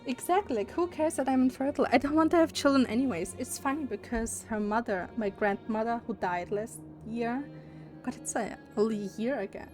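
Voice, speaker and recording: A woman's voice: a little high, brisk, a little mellow, faint music behind. Candid, opinionated young woman streamer. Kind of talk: casual livestream chat.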